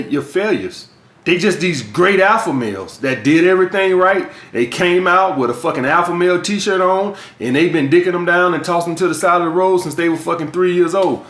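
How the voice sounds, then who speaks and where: A man's voice: a little high, a bit bright. A man from the US South with a Southern accent, giving blunt, profane dating and sales advice as a coach in a vlog monologue. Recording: echoey room.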